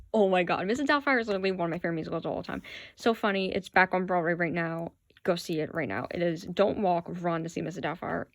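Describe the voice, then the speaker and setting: Speaking to camera in a relaxed way, this woman shows off her collection of playbills and can barely contain her excitement as a fan. Her voice sits on the low side, and the recording is dry.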